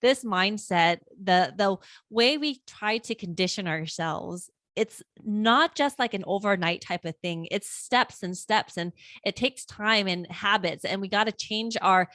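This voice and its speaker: A woman's voice: medium pitch, measured pace, few pauses, a bit bright, dry recording. A woman hosting a podcast interview, talking in an enthusiastic, affirming way. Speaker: podcast host. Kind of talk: conversational interview.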